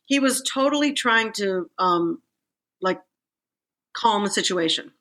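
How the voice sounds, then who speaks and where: A woman's voice: mid-range voice, moderate pace. A woman co-hosting a casual podcast chat, telling stories with lots of fillers and acted-out quotes. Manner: animated storyteller, acts out quotes. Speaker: podcast co-host.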